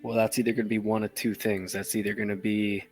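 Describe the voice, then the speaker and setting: A man's voice: lowish voice, little pitch movement, fast, darkish tone, soft background music. A man playing a tabletop game, talking casually in and out of character. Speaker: player. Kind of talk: tabletop role-play.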